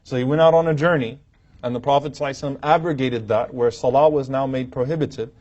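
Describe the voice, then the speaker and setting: A man's voice: medium pitch, quick pace. Guy lecturing from a podium, religious talk, acts out the quotes, kinda muffled lo-fi sound. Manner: lively storytelling, acting out quoted lines with humor. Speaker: Islamic teacher lecturing. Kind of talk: religious lecture to a live audience. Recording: dull, muffled lo-fi recording.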